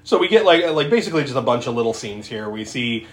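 Podcast co-host, casual movie recap, giggly storyteller, lively swooping pitch, mid-range voice. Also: fast.

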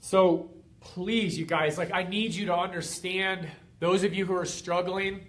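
A man with a notably high speaking voice delivers an energetic motivational talk. He speaks as a coach to his community, fired up and emphatic, and stacks repeated phrases one after another for effect. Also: measured pace.

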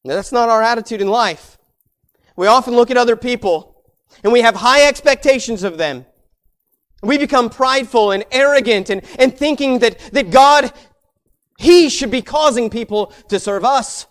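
A male pastor delivers a sermon at a moderate pace, swelling to loud, forceful peaks and sinking into soft, low asides. He repeats words as his points build.

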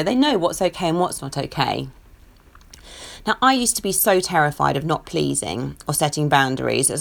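A woman, a podcast host speaking gently and earnestly about her own recovery, her voice a little croaky. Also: low-pitched. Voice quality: croaky today. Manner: gentle, earnest, self-disclosing. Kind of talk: reflective personal talk.

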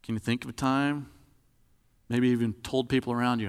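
A man's voice: medium pitch, steady tone, normal speed, clear, resonant tone, in a large hall. A man preaching a sermon in a conversational, demonstrative way, acting out examples as he talks.

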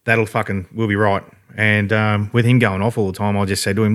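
A man's voice: fairly low pitch, level tone, fairly quick, a bit bright. An Australian man telling a story in a rambling, laid-back way, swearing freely. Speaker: podcast guest. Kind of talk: casual storytelling.

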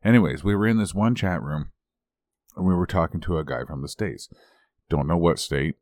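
A man's voice: sits low, normal speed, darkish tone, dry recording, clean studio sound. A Canadian man co-hosting a podcast, telling a rambling, self-mocking story in casual chat and laughing as he goes. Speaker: podcast co-host.

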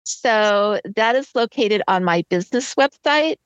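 A woman's voice: medium pitch, expressive, measured pace, dry recording, muffled recording. A woman author being interviewed, explaining things in a plain, informative way. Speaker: author guest. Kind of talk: interview answer.

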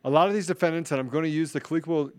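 A man's voice: fairly high pitch, very fast, a little mellow, smooth. A man hosting a political commentary show, ranting in a fiery, repetitive, emphatic way. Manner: self-described introvert. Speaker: show host.

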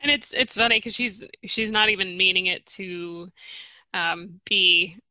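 A chatty woman with a very bright, sharp tone who laughs easily and agrees often. She speaks casually into a dry, close mic. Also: medium pitch, steady tone, measured pace, no room sound, rough recording. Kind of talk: casual book discussion.

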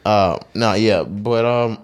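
A man's voice: lowish voice, takes it slowly. Man, podcast co-host, casual chat, profane, joking.

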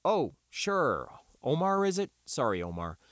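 A man reading an audiobook and voicing a round, easygoing male weapons instructor who lectures in a relaxed, explanatory way. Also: fairly high pitch, a little slow, no room sound, clean studio sound, pitched above the performer's own voice. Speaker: teacher. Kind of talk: audiobook character voice.

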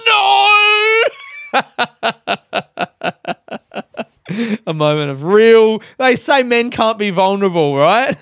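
A man's voice: sits high, expressive, normal speed, few pauses, clear, resonant tone, no room sound, studio quality. Sweary Australian man telling a story. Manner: sweary, self-mocking, laughs often. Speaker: podcast host. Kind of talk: casual storytelling monologue.

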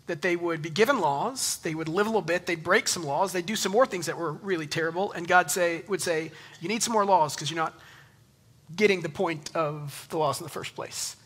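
A man in his thirties preaching a sermon in an animated, conversational way, joking with the congregation. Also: a little high, husky. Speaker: pastor. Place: church in Texas.

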